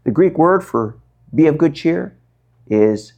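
A male pastor preaching a sermon, stretching out words for dramatic emphasis and swinging between quiet and loud. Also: expressive, creaky, highs cut off. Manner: dramatic, drawn-out emphasis with wide swings in pitch and loudness.

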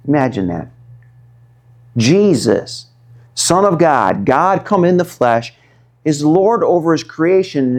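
A male pastor preaching a sermon, stretching out words for dramatic emphasis and swinging between quiet and loud. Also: creaky. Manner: dramatic, drawn-out emphasis with wide swings in pitch and loudness.

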